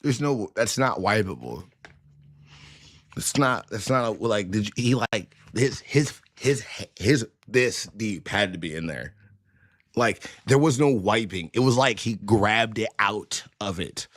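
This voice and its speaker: A man's voice: lowish voice, animated, a little slow, dry recording, clean studio sound. A man chatting casually as a streamer, crude and jokey, rambling and cursing a lot. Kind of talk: casual chat.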